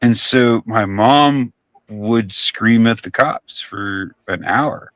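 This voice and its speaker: A man's voice: lowish voice, slow, fairly bright tone, no room sound. A young man chatting casually on a live stream, telling rambling stories and swearing offhandedly. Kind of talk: casual storytelling chat.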